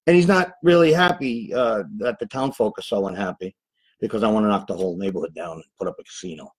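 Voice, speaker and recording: Husky-voiced male actor, rambling. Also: lowish voice, quick pace, rough recording. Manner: loose, rambling, easily sidetracked. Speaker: guest actor. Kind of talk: casual chat.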